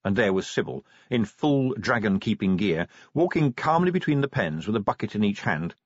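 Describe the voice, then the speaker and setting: A man reads scripted audiobook narration in a wry, dramatic storytelling style, his fairly low voice sing-song at a normal speed. It's a dry studio recording, slightly dull, with no echo.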